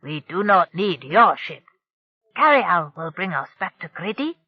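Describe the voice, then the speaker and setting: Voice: mid-range voice, sing-song, a little slow, breathy edge, no room sound, dull audio. The narrator voicing a smug, confident male alien leader in an audiobook. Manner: confident, dismissive. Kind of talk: audiobook character voice.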